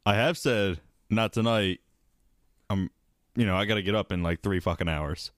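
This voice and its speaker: A man co-hosting a podcast, making wry deadpan asides and swearing casually. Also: low-pitched, brisk, dry recording, studio quality. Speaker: podcast co-host.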